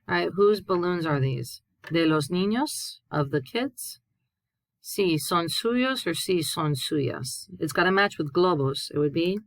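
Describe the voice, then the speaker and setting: A female Spanish teacher with a low voice of dark coloring explains grammar to her class in a recorded lesson. For each example, she first reads it aloud and then patiently translates it. The recording is dry and nearby, without any echo from the space.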